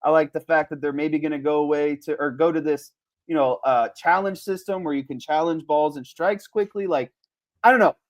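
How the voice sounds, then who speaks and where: A man co-hosting a podcast in casual sports chat, animated and laughing often. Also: a little high, brisk. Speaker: podcast co-host.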